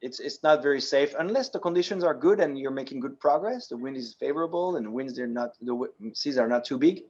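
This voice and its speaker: Speaking quickly with few pauses, this French-accented man from France has a medium-pitched, slightly mellow voice, captured in dull audio. He's a guest speaker answering audience questions in a yacht club meeting room, explaining practically step by step with many ums and restarts.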